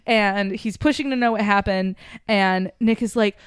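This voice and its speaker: A woman hosting a podcast, casually retelling a story and acting out the characters' lines with lively energy. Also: medium pitch, normal speed, smooth, no echo, clean studio sound. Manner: animated, acts out the characters' lines. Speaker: podcast host.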